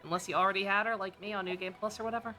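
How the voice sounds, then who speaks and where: A woman streaming a game and chatting casually, sarcastic and quick to swear, with excitable outbursts. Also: mid-range voice, soft background music. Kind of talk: casual chat over gameplay.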